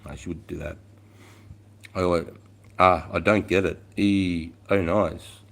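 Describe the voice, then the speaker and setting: A man's voice: low voice, fairly even intonation, measured pace, gravelly, a bit bright. A man with an Australian accent, in his forties, telling army stories and chatting with viewers on a casual live stream, swearing freely. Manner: swears a lot, laid-back, reads chat aloud. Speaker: livestream host, ex-soldier.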